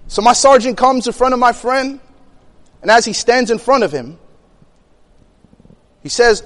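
A young man telling a personal story in an animated way, acting out the quotes and laughing between lines. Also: extremely high pitch, moderate pace, pauses often, big-room sound. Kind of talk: storytelling talk.

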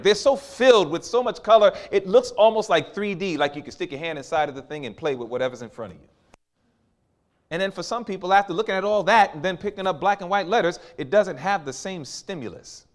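A man's voice: high-pitched, lively intonation, a little fast. A man preaching a sermon, acting out quoted voices with big swings as he tells stories. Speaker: pastor.

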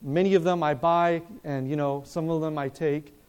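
High-voiced, animated male preacher. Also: moderate pace, clean tone. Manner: animated, acts out dialogue, asks the audience questions. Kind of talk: storytelling sermon at a seminar. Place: seminar room in a hotel.

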